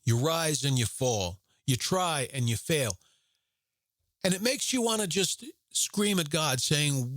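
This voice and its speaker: A man's voice: a little high, expressive, slow pace, a bit bright, no echo, clean studio sound. A man, a former Marine, hosting a Catholic podcast who tells a personal story and preaches earnestly, repeating his key points. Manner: earnest, repetitive, preacherly emphasis.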